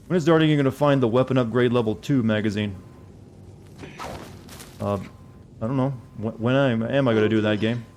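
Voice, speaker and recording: Male streamer, easy mid-pitched voice, loose rambling commentary, lots of self-deprecating quips. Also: normal speed, long pauses, darkish tone, slight background noise. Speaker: game streamer. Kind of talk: casual gameplay commentary.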